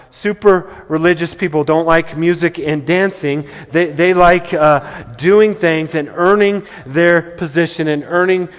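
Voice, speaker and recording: A man preaching a sermon as pastor. He speaks emphatically and often repeats words as he restarts. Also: mid-range voice. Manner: emphatic, with stammered word repeats. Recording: long hall reverb.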